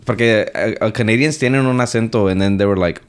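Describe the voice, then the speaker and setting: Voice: medium pitch, fast, clear, resonant tone. Co-host switching between English and Spanish. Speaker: podcast co-host. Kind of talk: casual chat.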